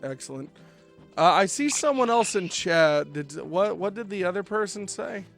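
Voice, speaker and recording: A man's voice: high-pitched, normal speed, gravelly, soft background music. A man streaming a video game, chatting and telling rambling stories. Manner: rambling, animated storytelling with fillers. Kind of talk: casual gameplay chat.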